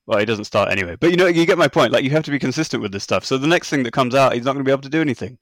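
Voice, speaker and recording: A man's voice: medium pitch, animated, very fast, a bit bright, no room sound. An exasperated man co-hosting a football podcast. He rambles in a sardonic tone, and his voice sits in a middle register. The sound is dry, close to the mic. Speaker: podcast co-host. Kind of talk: casual football chat.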